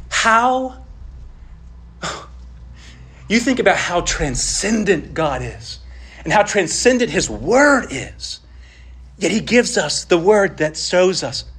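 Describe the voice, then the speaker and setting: A man with a high voice preaching a sermon as pastor. He speaks earnestly, climbing high when he voices pleading prayers and sinking quiet and low for asides. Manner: earnest preaching, voice rising on quoted pleas and dropping low on asides.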